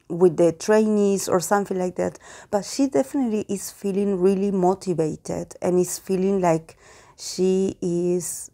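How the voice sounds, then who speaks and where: A woman's voice: lowish voice, dark tone. A woman reading tarot cards in a casual monologue. She muses aloud and hesitates often, with many "like"s and "I don't know why"s. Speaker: tarot reader.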